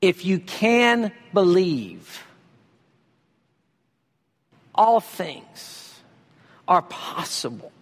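Preacher guy w a high voice, emphatic, reverb trailing off the walls. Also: sing-song. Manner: emphatic preaching, reads scripture slowly, uses a volunteer for a demonstration. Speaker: pastor. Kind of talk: sermon.

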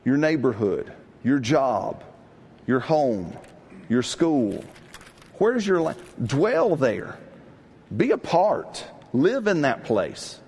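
A middle-aged man preaching a sermon in a lively, conversational way, often asking his congregation questions. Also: medium pitch, slightly rough. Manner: animated, call-and-response with congregation. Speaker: pastor.

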